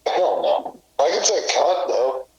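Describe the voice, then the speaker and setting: A man's voice: medium pitch, wildly swooping pitch, slow pace, muffled recording, a crowd in the background. A man co-hosting a podcast, dropping short, crude jokes into casual banter. His voice rings around a roomy, echoing space. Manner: short joking interjections, crude humor. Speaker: podcast co-host. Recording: echoey room.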